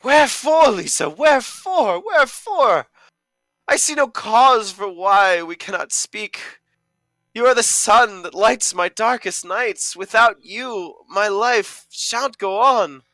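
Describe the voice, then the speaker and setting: A man's voice: on the high side, huge pitch swings, measured pace, no room sound, voice pushed up, heavily acted. Man hamming up an anguished jilted lover. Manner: melodramatic, rising to anguished shouts. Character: anguished jilted young man in Shakespearean verse. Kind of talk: hammy Shakespearean reading.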